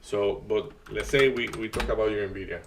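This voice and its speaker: A man hosting a live day-trading stream, talking through market moves in a halting way with many restarts and uneven grammar. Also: on the low side, distant mic, slight background noise. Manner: halting, restarts often, non-native grammar.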